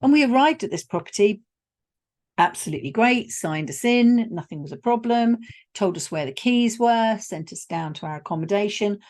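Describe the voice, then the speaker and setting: A woman's voice: medium pitch, animated, normal speed, darkish tone. A woman hosting a solo podcast, telling a personal travel story in a conversational way with wry asides. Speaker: podcast host.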